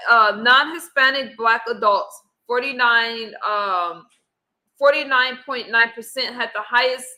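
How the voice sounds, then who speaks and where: Bright-voiced opinionated woman host. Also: on the high side, poor audio. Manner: opinionated, argumentative. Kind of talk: casual panel discussion.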